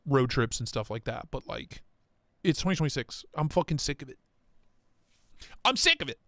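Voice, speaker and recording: A man hosting a casual live stream, talking in excitable, profane, rambling rants. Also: mid-range voice, dry recording, clean studio sound. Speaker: livestream host.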